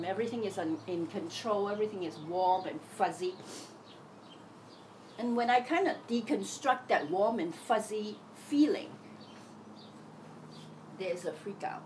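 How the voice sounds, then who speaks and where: A woman's voice: medium pitch, expressive, measured pace, a little mellow, slight background noise, poor audio. A middle-aged woman talking candidly in a casual monologue about her thoughts, acting out the voices in her head. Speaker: self-help teacher.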